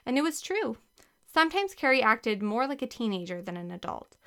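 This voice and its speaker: A woman narrating a children's storybook with a lively, expressive reading. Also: on the high side, brisk, smooth. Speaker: audiobook narrator.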